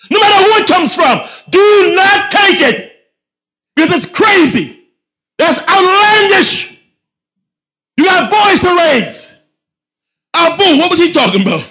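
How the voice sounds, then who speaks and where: A man preaching a Friday sermon, swinging from soft asides to shouted rhetorical questions with slangy phrasing. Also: extremely high pitch. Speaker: imam.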